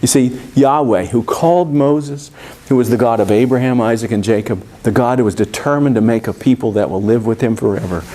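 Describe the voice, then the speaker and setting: A man's voice: medium pitch, fairly quick, mellow. A man teaching a Bible study class at a church, explaining things in a conversational way with frequent fillers and restarts.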